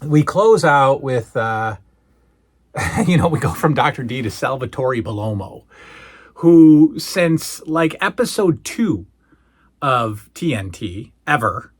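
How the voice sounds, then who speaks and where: A man talks through an old show in a casual solo recap, animated and quick to act out what people said. His voice is husky, and his pitch rises and falls a lot as he goes. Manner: animated storytelling, acting out quoted lines. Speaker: podcast host reviewing old wrestling shows.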